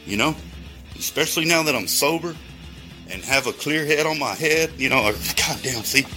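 A man's voice: a little high, animated, moderate pace, bright, forceful tone, faint music behind. A man in a rambling, profane monologue, going off on tangents and talking straight to his listeners. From Texas. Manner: heavy swearing, rambling tangents, addresses listeners directly.

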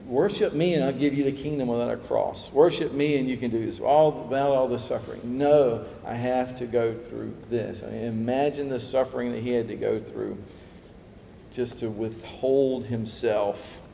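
A man preaching a sermon, lively, acting out quoted voices as he tells the story. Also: mid-range voice, normal speed, gravelly, a little hiss or hum. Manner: animated, acts out quoted voices, chuckles. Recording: echoey hall with faint ambience.

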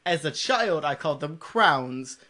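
A man's voice: a little high, a little fast. Joking, foul-mouthed male podcast host. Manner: joking, profane, animated. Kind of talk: casual chat.

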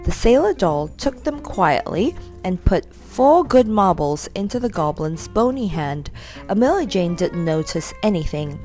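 A woman reading a children's story aloud in a lively, expressive way. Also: fairly low pitch, unhurried, soft background music.

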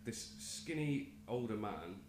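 A man with a very deep voice hosts a podcast and tells a rambling anecdote. The room is echoey, and a faint hum sits underneath. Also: expressive, takes it slowly. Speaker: podcast host. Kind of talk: casual podcast chat.

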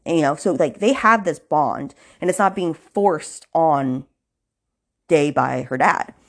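Chatty low-voiced woman recapping a book. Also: a little slow. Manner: chatty, filler-heavy retelling; indignant asides. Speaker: podcast host.

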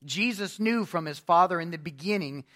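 A man with a notably high-pitched voice delivers an expository sermon. He reads scripture passages aloud with emphasis and then explains them verse by verse in a steady preaching manner. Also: normal speed. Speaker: pastor.

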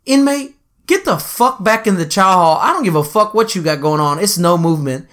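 Brief: gruff, dismissive male prison guard barking orders, quoted by a man telling a story. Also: sits high, animated, brisk, a bit bright. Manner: curt, profane, dismissive.

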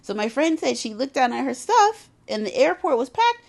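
A woman's voice: high-pitched, moderate pace, vocal fry. A woman giving a motivational talk on self-love, emphatic and conversational, with casual asides and repetition for emphasis. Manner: emphatic, conversational, drops into animated character voices for retold quotes. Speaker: self-help speaker.

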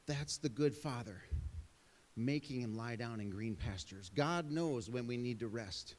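Middle-aged pastor preaching in a reverberant sanctuary, mid pitch, chatty storyteller who jokes about himself. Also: male voice, measured pace. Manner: storytelling, self-deprecating asides. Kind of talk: sermon.

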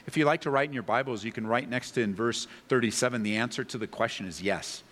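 A man's voice: medium pitch, fast, a bit bright, long reverb tail. A man preaching a sermon as a pastor, earnest and pleading, building to impassioned peaks.

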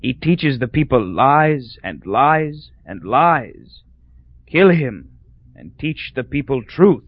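A man voicing a dying old male island dictator who gasps and croaks out slow, commanding words. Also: medium pitch, very animated, no echo, heavily acted. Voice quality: gasping, croaking. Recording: dull dry lo-fi recording.

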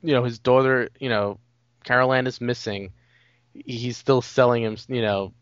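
A man's voice: medium pitch, steady tone, moderate pace, clean tone, dry recording, lo-fi sound. Rambling man on a movie podcast. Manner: rambling, heavy on "like" and "you know". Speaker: podcast co-host. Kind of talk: casual movie discussion.

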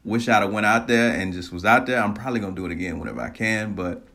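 A man casually telling a personal story, animated, laughing often and swearing freely. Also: on the low side, fast.

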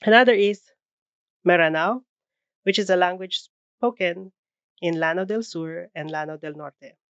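A woman's voice: fairly low pitch, moderate pace, a bit bright, smooth, no echo, dull audio. A woman giving a classroom presentation on phonetics, explaining carefully with frequent fillers.

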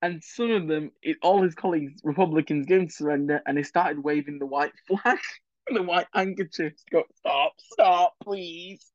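A man's voice: on the high side, normal speed, no room sound, muffled recording. A man hosting a solo political history podcast, chatty and opinionated, with many digressions and asides. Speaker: podcast host.

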